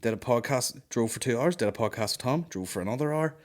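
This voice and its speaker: A man's voice: medium pitch, animated, fast talker. A man hosting a comedy podcast, telling a story in an exasperated, sweary ranting way. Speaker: podcast host. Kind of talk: comic storytelling rant.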